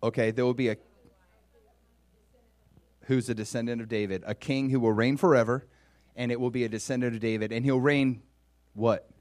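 This pastor has a medium-pitched male voice, a moderate pace, and long pauses, recorded dry. Preaching with animation, he acts out biblical speech with rising emotion, asks the congregation questions, and waits for their answers.

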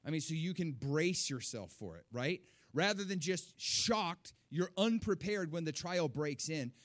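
A middle-aged man preaching a sermon to his church, animated, with rising emphasis and repeated words. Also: a little high, measured pace. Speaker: pastor.

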